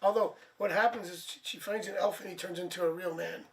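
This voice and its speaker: High-voiced guy doing tarot on a live stream, worn out, chatty, sounds a bit far off. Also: fairly even intonation, fast talker, fairly bright tone. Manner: chatty, laughs at himself, thinks aloud. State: tired, low energy. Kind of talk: casual live-stream chat and card reading. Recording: distant mic, faint background noise.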